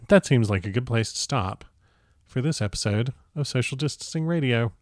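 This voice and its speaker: A man hosting a podcast, reading a story aloud in an even, unhurried way. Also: mid-range voice, no echo, studio quality. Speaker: podcast host and narrator.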